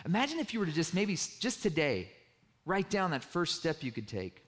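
A man's voice: animated, quick pace. A middle-aged man preaching a sermon, telling stories and acting out the dialogue as he goes. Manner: storytelling, acts out dialogue with a raised pitch. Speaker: pastor.

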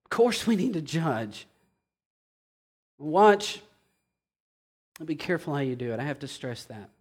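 Man preaching, high voice, fiery, drops to a hush then builds back up. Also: sing-song, a little slow, slightly rough. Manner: impassioned, swings from hushed to loud. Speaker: pastor. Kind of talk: sermon.

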